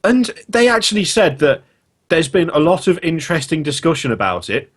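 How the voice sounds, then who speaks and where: A man's voice: on the high side, very animated, normal speed, fairly bright tone, husky. A man hosting a casual podcast chat, ranting in disbelief with lots of swearing. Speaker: podcast host.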